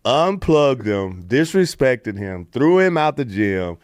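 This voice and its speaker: Middle-aged American man, podcast storyteller, very expressive pitch, dry close mic. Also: slow pace, dry recording. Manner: animated storyteller, puts on voices for quotes, swears freely. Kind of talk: casual storytelling.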